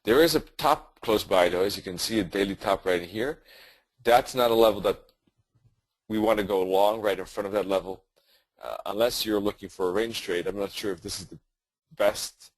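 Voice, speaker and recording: A man's voice: on the low side, moderate pace, no echo, low-quality recording. A man presenting a live trading webinar, explaining charts conversationally and correcting himself as he goes. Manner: conversational, thinking aloud with fillers and self-corrections.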